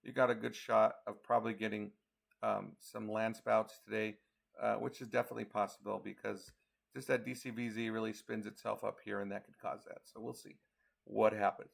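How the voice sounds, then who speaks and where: Male storm chaser from Colorado, gravelly, tired, casual live forecast talk. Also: on the low side, level tone, fairly quick. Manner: talks through model maps, counting hours aloud. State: tired, yawning. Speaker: storm chaser giving a weather update. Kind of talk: casual live weather briefing.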